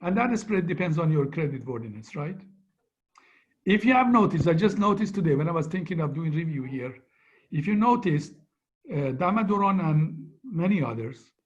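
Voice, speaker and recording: Male lecturer on muffled call audio. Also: on the high side. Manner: conversational, keeps asking "right?". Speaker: finance lecturer. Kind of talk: online lecture review.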